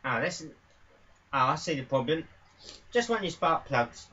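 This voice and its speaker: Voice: medium pitch, very animated, a little slow, bright, forceful tone, muffled recording, a little hiss or hum. A player doing a stammering pony mechanic. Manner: stammering, casual, folksy. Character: handy stallion pony mechanic.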